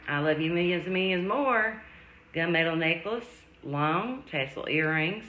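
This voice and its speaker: A woman hosting a live jewelry sale, chatting warmly with viewers and calling them sweetie, love and darling. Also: on the low side, expressive, a little slow, slight background noise. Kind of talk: live-stream selling chat. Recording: echoey room.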